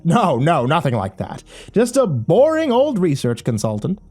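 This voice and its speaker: A man voicing a suave, confident gentleman who speaks in a polished, genteel way. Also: a little high, huge pitch swings, normal speed, faint music behind, voice pushed up. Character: suave, confident adult man, politician-like charm.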